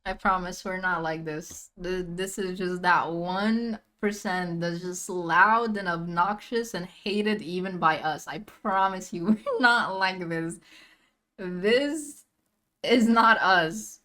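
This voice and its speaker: A woman's voice: fairly low pitch, slow pace, sharp tone. A woman streamer reacting to a video in casual commentary, outraged, swearing often and repeating herself.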